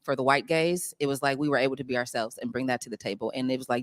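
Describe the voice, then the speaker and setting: A young adult woman, a stage actress, chatting as a guest in an interview, talking loosely with many fillers and quick laughs. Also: extremely low pitch, dry recording, clean studio sound. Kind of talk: casual interview chat.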